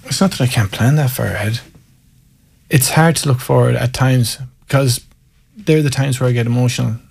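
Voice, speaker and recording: A man's voice: medium pitch, normal speed, creaky, darkish tone, breathy edge. A man from County Mayo with an Irish accent, a guest telling candid, self-mocking stories and reflecting openly in conversation. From Ireland, County Mayo. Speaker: guest, former Gaelic footballer. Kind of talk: storytelling in conversation.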